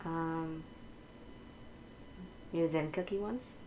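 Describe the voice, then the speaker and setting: Chatty stream host, woman, lower voice, laughs a lot, loose and unscripted. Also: very slow, dark tone, slight background noise, low-quality recording. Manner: chatty, laughs often, many fillers. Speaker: livestream host. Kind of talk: casual chat while decorating.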